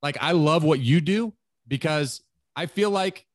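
A man's voice: on the high side, unhurried, no echo, studio quality. A man in his late thirties hosting an interview, talking earnestly in a rambling way full of "like" fillers. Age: 30s. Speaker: podcast host. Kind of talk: casual interview chat.

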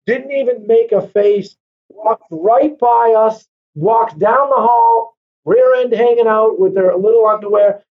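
Man, real estate broker, animated storyteller, slightly high voice, dull lo-fi sound. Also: unhurried. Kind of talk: casual storytelling interview.

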